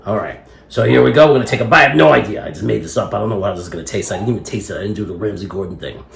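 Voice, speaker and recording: A man's voice: on the low side, rapid-fire, creaky, crowd noise. A man chatting casually in a rambling, self-amused way while cooking at home. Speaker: home cook vlogger. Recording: echoey room.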